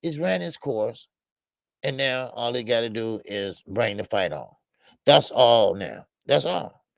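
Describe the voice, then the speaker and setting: Gravelly older man with a loose, profane style. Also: medium pitch, animated, measured pace, no echo. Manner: loose and profane, lots of stammered fillers, laughs at own jokes. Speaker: boxing show host. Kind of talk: casual call-in show commentary.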